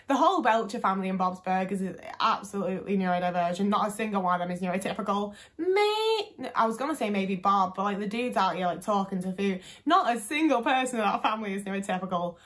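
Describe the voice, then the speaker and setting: A woman's voice: medium pitch, animated, brisk, fairly bright tone. A young woman talking casually to camera, chatty and full of fillers, with some swearing. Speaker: vlogger.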